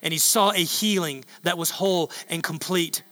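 A slightly high-voiced male pastor, speaking at a moderate pace, delivers a sermon in a big church hall. His preaching is forceful and repetitive, climbing until he's shouting.

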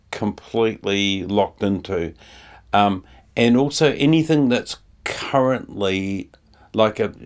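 A man who composes music for ads, talking casually and rambling with many fillers and restarts. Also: lowish voice. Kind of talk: casual conversation.

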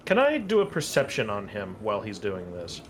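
A man playing a tabletop game, chatting casually about his character. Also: fairly quick. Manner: casual, chatty, with lively pitch. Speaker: player.

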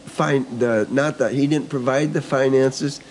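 A man's voice: medium pitch, steady tone, measured pace, slight background noise. An older man, a store owner and organic farmer, casually telling stories of his building in a rambling way, seated in the back room of a country store. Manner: rambling, full of restarts and asides. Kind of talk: casual conversational storytelling.

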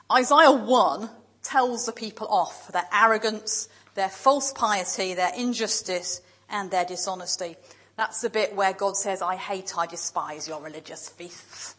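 A woman preaching a sermon in a church, speaking in measured, emphatic lists with pauses. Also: medium pitch, fairly bright tone, rough recording.

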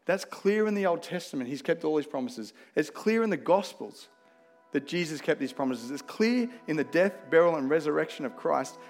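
A man's voice: a little high, lively intonation, moderate pace, a little mellow, soft background music. A man with an Australian accent preaching a sermon, earnest and conversational, weaving in personal stories. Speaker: pastor.

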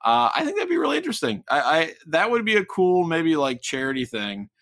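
A man's voice: fairly high pitch, huge pitch swings, fairly quick, fairly bright tone, no echo, clean studio sound. A man from Ohio co-hosting a casual sports podcast. He rambles, repeats and corrects himself, and chuckles often. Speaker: podcast co-host.

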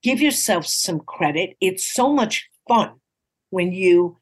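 Taking her time, a comedian in her sixties from New York City shares stories as a podcast guest in a relaxed interview. She has a fairly low voice and a lively, encouraging style aimed at punchlines, frequently voicing quoted dialogue playfully.

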